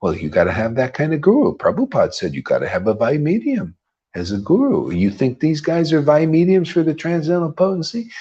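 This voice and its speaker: A man's voice: on the high side, big pitch swings, brisk, dark tone, slightly rough, dull audio. A man hosting a devotional class, preaching informally in a rambling, emphatic way with frequent laughs. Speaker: host leading a devotional class.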